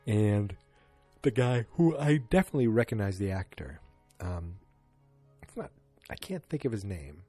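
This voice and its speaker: A man's voice: on the low side, sing-song, moderate pace, pauses often, dark tone, slightly rough, soft background music. A man hosting a solo podcast, rambling through a casual recap with many fillers. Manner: rambling, filler-heavy retelling. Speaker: podcast host. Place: home, alone.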